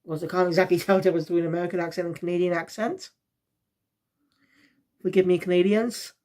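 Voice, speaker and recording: A reviewer from South Wales gives a casual spoken review at a middling pitch, talking fast with a warm tone and fairly even intonation. His delivery is loose and rambling, often losing the thread.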